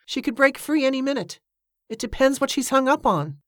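A woman voicing a gruff, worried middle-aged boatman uncle who speaks in curt, clipped replies. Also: sits high, animated, a little fast, dry recording, studio quality, pitched above the performer's own voice. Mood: tense, gruff.

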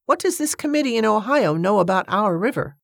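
A woman's voice: mid-range voice, expressive, fairly quick, creaky, no room sound, clean studio sound, voice pushed up. A woman reading an audiobook, voicing a stubborn, grumpy Scottish man who grumbles and argues. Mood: grumbling, exasperated. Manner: grumbling, obstinate.

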